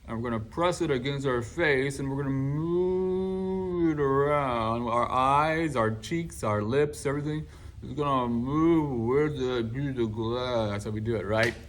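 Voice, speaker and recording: A man, a choir teacher, explaining warm-up exercises in casual teaching talk, now and then breaking into song. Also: mid-range voice. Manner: animated, bursts into singing and acted class responses.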